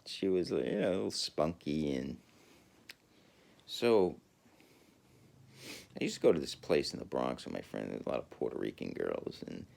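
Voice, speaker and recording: A man rambling through a casual monologue, halting often with fillers and restarts and chuckling as he talks. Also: extremely low pitch, sing-song, gravelly, a little mellow. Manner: chuckles while talking. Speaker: podcaster.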